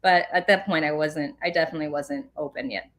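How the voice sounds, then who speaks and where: A woman's voice: sits low, fairly even intonation, brisk, fairly bright tone. A woman guest on a podcast, telling personal stories in a rambling, casual way, full of filler words. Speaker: podcast guest, spiritual medium. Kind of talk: casual storytelling in an interview.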